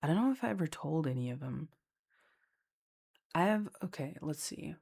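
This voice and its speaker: A woman with a deep voice tells stories from her job as a lifeguard in a relaxed chat. She is candid and loose-tongued, swears without a second thought, and pads her sentences with casual fillers. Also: moderate pace, creaky, breathy edge. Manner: chatty and candid, swears freely, heavy on fillers.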